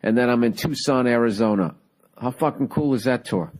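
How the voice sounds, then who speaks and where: A man's voice: mid-range voice, a little fast, a little mellow. A man in his forties hosting a podcast in a casual, profane, rambling chat, cracking jokes as he goes. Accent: Boston. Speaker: podcast host.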